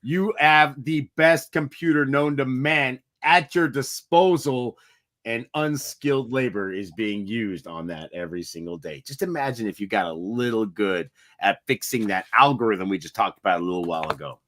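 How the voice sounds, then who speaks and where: A man's voice: medium pitch, moderate pace, fairly bright tone. A man co-hosting a motivational podcast, telling stories in a rambling, earnest way. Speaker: podcast co-host. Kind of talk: casual motivational chat.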